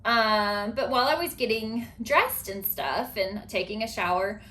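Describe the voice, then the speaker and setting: A woman hosting a podcast in casual chat, chatty and animated with lots of filler words. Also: medium pitch, unhurried, slight background noise. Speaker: podcast host.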